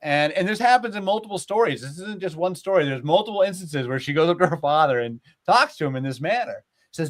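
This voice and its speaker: A man retelling old myths in a casual, animated way, with lots of filler words, as a podcast host. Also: fairly high pitch, fast talker, hardly any pauses. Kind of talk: casual storytelling chat.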